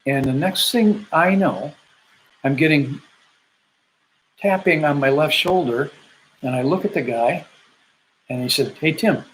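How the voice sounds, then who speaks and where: An older man from Michigan, a military veteran, telling a personal story in an animated way and acting out the people in it. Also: on the high side, measured pace, long pauses, a little hiss or hum, rough recording. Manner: animated, acts out the voices of people in his story.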